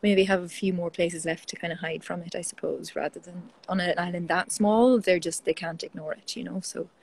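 An Irish woman, a guest in a casual interview, telling stories in a lively, chatty way over a video call. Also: on the low side, brisk, gravelly, slightly rough, poor audio. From Ireland.

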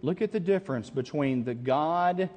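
A man with a high voice preaches a camp meeting sermon and reads scripture dramatically. He keeps calling questions out to his listeners. His voice rings with the long reverb of a large hall. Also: lively intonation, moderate pace, a little mellow, lo-fi sound. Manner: dramatic, calls out questions to the audience.

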